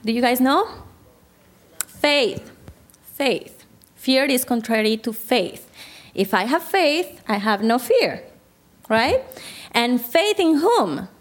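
Very animated yet slow, with long pauses, this fairly high-pitched therapist delivers a Christian counseling talk to a group. She speaks conversationally and keeps asking her audience questions.

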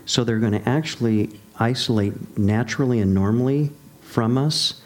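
A man hosting a casual discussion, a father who speaks in a measured way and sums up what others have said. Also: mid-range voice. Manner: measured, summarizing others' points.

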